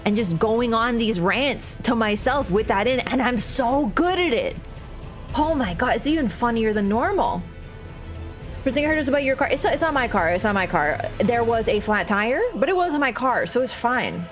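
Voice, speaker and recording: A woman's voice: on the high side, expressive, normal speed, faint music behind. A woman livestreaming a game, chatting casually to her viewers in a rambling, joking way that is full of swearing. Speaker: gaming livestreamer. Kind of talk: casual stream chat.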